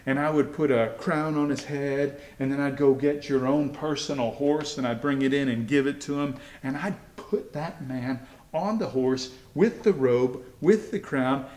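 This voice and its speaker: A man tells a Bible story to children in a relaxed, chatty way. His voice sits in a middle pitch, and he voices the characters' lines lightly in his own voice rather than doing distinct voices. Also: reverberant. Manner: conversational, acts out characters' lines in everyday voice. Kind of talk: casual Bible story retelling.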